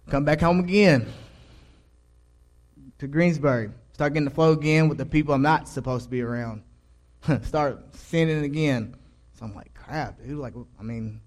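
Young male choir leader, mid-pitched voice, loose rambling testimony delivery that drops to a hush for his quoted thoughts. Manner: casual, rambling, restarts, quotes his own thoughts in a hushed voice. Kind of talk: personal faith testimony.

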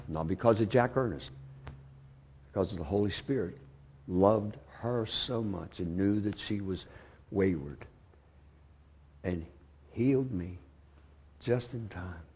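A man preaching a sermon as pastor, swinging from loud outbursts to hushed, drawn-out phrases. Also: low voice, highs cut off, a little hiss or hum.

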